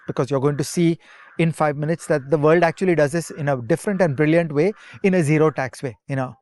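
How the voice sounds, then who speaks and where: A man's voice: on the high side, no room sound. A man, co-hosting a podcast, explaining economics in an emphatic, lecturing way. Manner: emphatic, lecturing with rhetorical asides.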